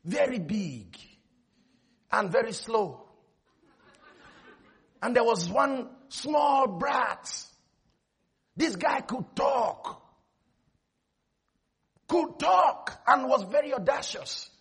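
A high, husky-voiced man preaches to his congregation in full flight. His voice is bright and edgy, and he swings from quick storytelling into loud, shouted calls for a response. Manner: animated storytelling, often shouting. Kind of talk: sermon.

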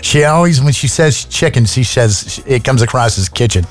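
A man's voice: medium pitch, lively intonation, normal speed, soft background music. A man hosting a radio show, chatting casually and joking with many filler words. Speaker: radio host. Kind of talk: casual on-air chat. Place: radio studio.

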